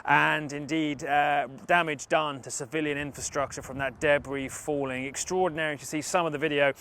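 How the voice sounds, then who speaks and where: A male news correspondent giving a measured, formal field report from a city street. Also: on the high side, steady tone, bright, forceful tone.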